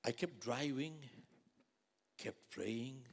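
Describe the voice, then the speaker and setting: An older man from India, a motivational speaker telling his story to an audience. He swings between loud emphasis and hushed asides. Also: mid-range voice, drawn-out words, vocal fry.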